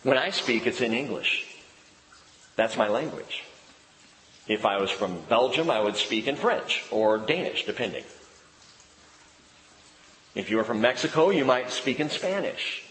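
A male pastor preaching a sermon, animated and expressive, often dropping his voice low and soft for emphasis. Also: measured pace, long pauses, a little hiss or hum. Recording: echoey hall with long reverb.

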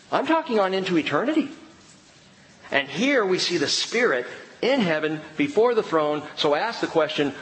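A middle-aged man preaching a sermon, swinging between loud bursts and hushed lines. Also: medium pitch. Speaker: pastor. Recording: reverberant hall with faint room noise.

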